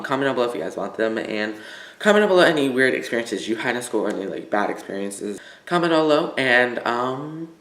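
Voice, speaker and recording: A man's voice: mid-range voice, a bit bright. Teen guy vlogging a story time, says like a lot, roomy echo. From United States. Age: teens. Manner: rambling, lots of fillers and "like". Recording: echoey room.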